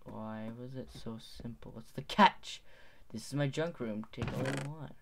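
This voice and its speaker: A man's voice: mid-range voice, unhurried, gravelly. A teenage boy giving gameplay commentary, rambling, muttering to himself and correcting his words. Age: teens. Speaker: gaming video host.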